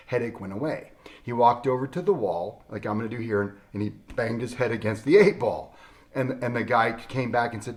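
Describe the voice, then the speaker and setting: A man who works as a chiropractor speaks straight to camera in a casual, folksy way. He tells a story with emphatic turns and keeps an easy, conversational pace. His voice sits at an ordinary middle pitch. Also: steady tone, fairly quick, a little mellow.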